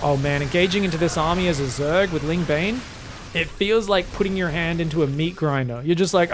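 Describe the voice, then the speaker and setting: A man casting a live strategy game match, analytical and quick to yelp with excitement at big plays. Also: slight background noise. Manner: excitable, breaks into high yelps at big plays. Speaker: esports caster.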